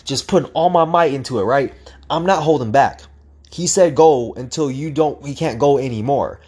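A young man telling a casual, profane story, acting out the sounds with lively energy. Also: medium pitch, moderate pace, husky. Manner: animated, profane, acts out sounds.

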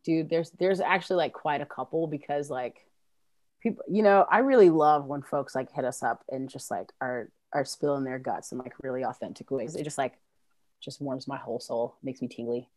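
A woman with a low voice talks loosely about her punk band, swearing freely and filling her sentences with casual asides. She laughs easily. The recording is dry and close. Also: normal speed, darkish tone, no room sound. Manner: loose, profane, heavy on fillers, laughs easily. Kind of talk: casual interview chat.

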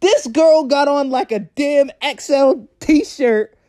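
A young man telling a story in a casual vlog, animated and profane, often breaking into laughter. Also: very high voice, slow. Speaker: vlogger.

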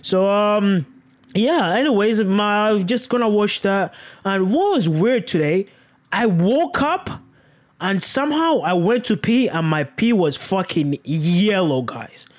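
A young man vlogging in a profane, rambling way, breaking into sudden high exclamations. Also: animated, slow pace. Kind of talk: casual rambling chat.

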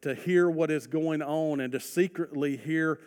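A man preaches in a high voice, swelling loud for emphasis before easing into soft, earnest appeals. His sermon rings out with a long reverb, as if recorded in a church sanctuary. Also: unhurried. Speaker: pastor.

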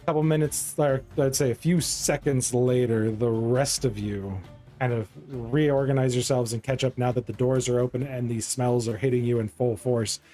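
A man's voice: mid-range voice, steady tone, moderate pace, warm tone, soft background music. A man narrating as game master in a tabletop game, loose and rambling with frequent ums.

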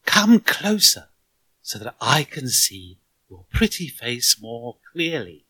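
A man voicing a sly, hungry male wolf disguised as a grandmother, speaking in a high, slow, trembling voice. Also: very animated, pushed and bright, husky, no room sound, heavily acted.

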